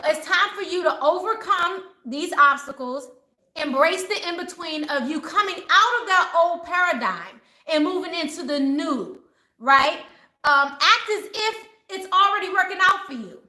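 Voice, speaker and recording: A middle-aged woman, a spiritual advisor, talking casually and animatedly to her viewers and acting out what people say. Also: extremely high pitch. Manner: animated, acts out quoted voices. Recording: roomy echo.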